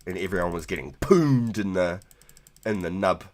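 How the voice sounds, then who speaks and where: A man's voice: sits low, lively intonation, moderate pace, a little mellow. A man live-streaming a game, chatting loosely with viewers, laughing often and swearing freely. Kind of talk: casual live gaming stream chat.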